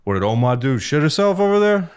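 A man's voice: a little high, very animated, quick pace, clean tone, voice pushed up. A man putting on a brash Massachusetts tough guy. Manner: blunt, loud-mouthed, opinionated. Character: brash Massachusetts bad-boy male character. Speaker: producer.

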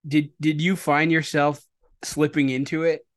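A man's voice: fairly high pitch, little pitch movement, unhurried, dry recording, studio quality. A man guest on a radio show, chatting casually in an easygoing, wry way. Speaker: studio guest. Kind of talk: casual studio chat. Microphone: studio microphone.

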